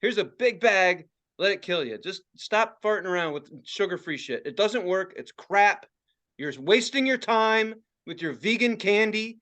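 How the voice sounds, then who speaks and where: High-voiced ranting man in his forties. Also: bright, forceful tone. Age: 40s. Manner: ranting, swearing, laughing often. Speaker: podcast co-host. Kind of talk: casual profane podcast rant.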